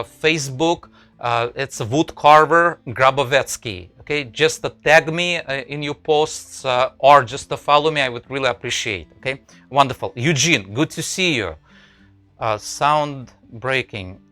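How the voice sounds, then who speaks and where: A man's voice: mid-range voice, sharp tone, clean tone, dry recording, poor audio. A man hosting a live woodcarving stream, chatting to viewers with many fillers and restarts. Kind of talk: casual live-stream chat.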